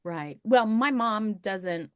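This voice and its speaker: A woman's voice: mid-range voice, expressive, takes it slowly, clean tone, dry recording, clean studio sound. A woman in her fifties, a podcast guest talking in an emphatic, conversational way and repeating key points for weight. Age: 50s. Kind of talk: conversational interview.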